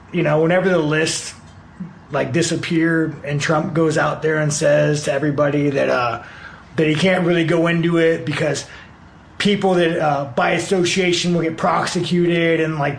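A fighter speaking in a clip, sarcastically apologizing in a halting, mock-sincere way. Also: male voice, a little high, gravelly, slight background noise. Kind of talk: sarcastic video statement.

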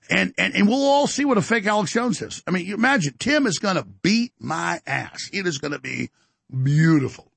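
Gravelly, bombastic older male host. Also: high voice, animated, fairly quick, hardly any pauses, a bit bright, no echo. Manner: bombastic, taunting, challenging. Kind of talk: heated on-air rant.

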